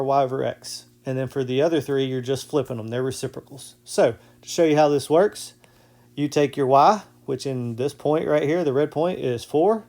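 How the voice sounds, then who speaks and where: A man's voice: medium pitch, darkish tone. A male math teacher walking through a casual whiteboard lesson step by step, often checking in with "okay?".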